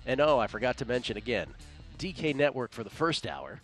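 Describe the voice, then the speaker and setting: A man's voice: mid-range voice, big pitch swings, brisk, soft background music. Chatty male sports radio host. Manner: chatty, laughs often, reads listener tweets aloud. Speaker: sports betting show host. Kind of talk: casual radio sports talk.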